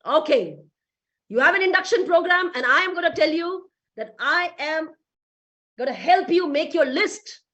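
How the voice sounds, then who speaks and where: A woman giving a lively motivational talk to a business team, asking rhetorical questions. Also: extremely high pitch, moderate pace, highs cut off. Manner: lively, acts out quoted voices, rhetorical questions. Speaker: motivational speaker.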